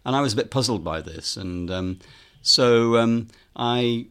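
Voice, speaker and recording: A man's voice: mid-range voice, lively intonation, unhurried, a bit bright, clean tone. A man, a filmmaker and author, telling a story in an interview, with lots of ums and quoted dialogue.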